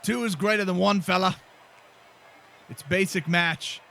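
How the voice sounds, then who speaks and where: A man putting on a mock Irish accent to voice a brash male wrestler pitching a partnership, leaning on the word "fella.". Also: fairly even intonation, a little slow, gravelly, bright, forceful tone, a little hiss or hum, heavily acted. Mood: persuading. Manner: persuasive, repeating "fella".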